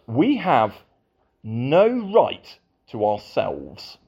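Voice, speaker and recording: A man's voice: mid-range voice, wildly swooping pitch, extremely slow, creaky, a little mellow, slightly rough, highs cut off. A man preaching a sermon to a congregation, with playful asides.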